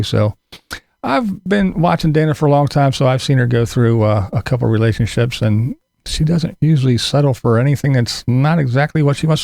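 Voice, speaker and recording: Gravelly, sarcastic middle-aged man. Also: on the high side, darkish tone, no room sound, clean studio sound. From Pennsylvania. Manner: rambling, sarcastic, swears casually. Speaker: commentary channel host. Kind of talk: casual commentary on other creators.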